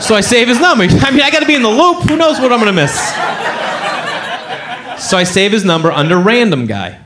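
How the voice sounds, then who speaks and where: A man's voice: high-pitched, big pitch swings, a little fast, background noise. A man doing stand-up comedy, telling a story in a playful way with lots of asides.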